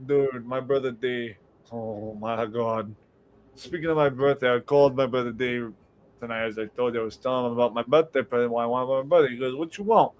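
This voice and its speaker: A man's voice: medium pitch, brisk, a little hiss or hum, rough recording. A young man with a Boston accent, hosting a casual late-night podcast stream, telling rambling family stories and reading out viewer comments. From New England. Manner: rambling storyteller, quotes others in lively voices. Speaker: livestream podcast host.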